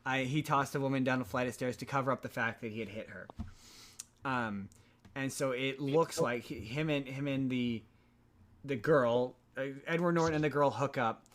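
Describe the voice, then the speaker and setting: Rambling podcast host, man, mid-pitched. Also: normal speed. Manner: rambling, frequent restarts and stammered repeats. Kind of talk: casual chat recapping a film.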